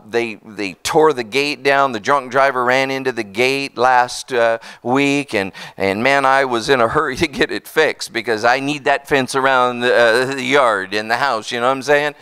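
A man preaching a sermon as pastor, telling stories with lively call-outs to the congregation. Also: medium pitch, measured pace, smooth. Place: church.

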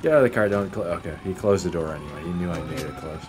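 A man's voice: sits low, quick pace, background noise. A man giving casual gameplay commentary, sarcastic and mock-polite, swearing often as he plays. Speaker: gaming YouTuber.

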